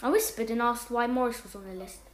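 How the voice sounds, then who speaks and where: A woman reading a homemade story aloud, animated, jumping up in pitch and loudness whenever a character speaks. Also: fast talker, reverberant.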